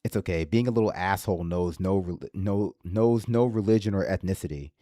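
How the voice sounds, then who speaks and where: A man's voice: deep voice, a little fast, mellow, no echo, studio quality. A man hosting a livestream in casual political commentary, with a slight lisp and a sarcastic, rambling manner that swears freely. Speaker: livestream host.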